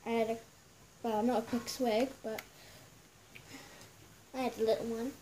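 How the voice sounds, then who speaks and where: A woman's voice: fairly high pitch, little pitch movement, measured pace, warm tone, a little hiss or hum. A woman hosting a casual gaming video, giggling and chatting straight to her viewers as she plays. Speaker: gameplay video host.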